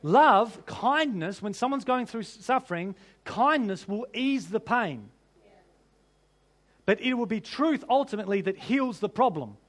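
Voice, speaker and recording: A man's voice: high-pitched, big pitch swings, measured pace, fairly bright tone. A man preaching a sermon as pastor, conversational, with rhetorical questions to the congregation.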